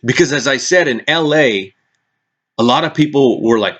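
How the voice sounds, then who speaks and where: A man in a casual vlog rant, worked up and swearing freely as he talks. He often restarts and stumbles over his sentences. His voice sits at an ordinary male pitch. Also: normal speed. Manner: excitable, swears a lot, frequent restarts. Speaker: vlogger recapping press conferences.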